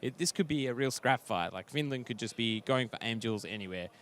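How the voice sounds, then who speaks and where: A man's voice: mid-range voice, lively intonation, brisk, fairly bright tone, slight background noise. Casual esports commentator man. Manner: casual, blunt, joking analysis. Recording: faint music behind.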